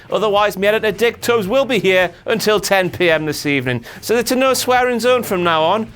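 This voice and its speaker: A man hosting a brash comedic rant, swearing and jumping between shouts and low mutters. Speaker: host.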